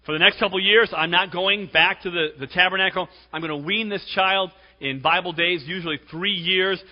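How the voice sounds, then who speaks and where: A man's voice: high voice, fairly even intonation, a little fast, pitched above the performer's own voice, natural voice. A man voicing a devout, grieving woman who speaks earnestly and firmly. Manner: earnest and emphatic. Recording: dull lo-fi recording with long hall reverb.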